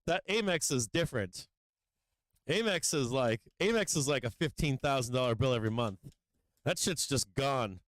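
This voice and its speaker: A middle-aged man hosts a live stock market stream in a mid-range voice, recorded clean in the studio with no echo. He rambles casually between trade updates, swearing about charts and money and breaking into gleeful taunting.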